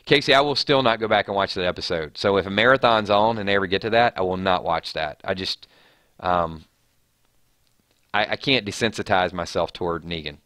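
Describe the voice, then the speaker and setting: A man's voice: deep voice, brisk, sharp tone, no room sound, clean studio sound. A man hosting a live stream, chatting casually and reading viewer comments aloud with frequent restarts.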